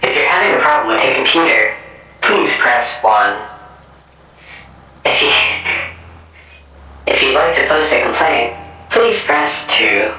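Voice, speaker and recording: A man putting on a stiff, polite automated phone-menu voice, reading prompts slowly and over-enunciating. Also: medium pitch, very animated, bright, forceful tone, pitched above the performer's own voice, heavily acted. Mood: robotic. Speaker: streamer. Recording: very roomy, distant mic, music behind.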